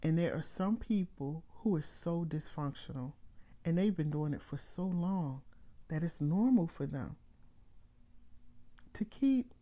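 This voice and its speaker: A middle-aged woman hosting a live motivational talk, speaking emphatically with drawn-out phrases and reading viewer comments aloud. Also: on the low side, warm tone. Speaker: host.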